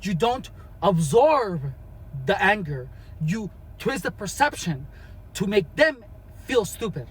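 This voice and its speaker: A man's voice: high-pitched, big pitch swings, takes it slowly, breathy edge, rough recording. A man talking casually as a vlogger, giving advice in a rambling way with many restarts.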